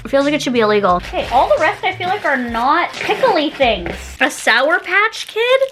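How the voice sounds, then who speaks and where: A young woman chatting casually as she unboxes and taste-tests snacks, giggling often and gushing with excitement. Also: sits high, normal speed. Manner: giggly, gushing, lots of exclamations. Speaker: YouTuber taste-testing snacks.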